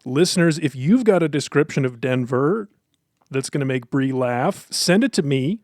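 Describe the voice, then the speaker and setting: A man's voice: medium pitch, expressive, normal speed, a little mellow, no room sound, studio quality. An American man, a radio producer, hosting a podcast chat in a playful, theatrical way. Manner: playful, theatrical opening reading. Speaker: producer and fill-in host.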